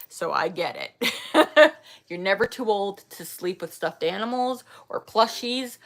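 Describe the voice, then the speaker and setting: Chatty vlogger in her thirties, bright edge to the voice, laughs a lot. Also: on the low side, creaky. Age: 30s. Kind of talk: casual chat reading viewer comments.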